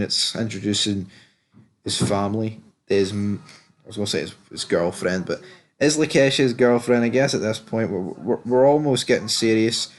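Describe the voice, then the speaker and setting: A man with a fairly low voice talks through a TV episode in a loose, chatty recap. He is blunt and candid, swears without a second thought and fills his sentences with casual asides. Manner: loose and chatty, many fillers. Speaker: TV episode reviewer.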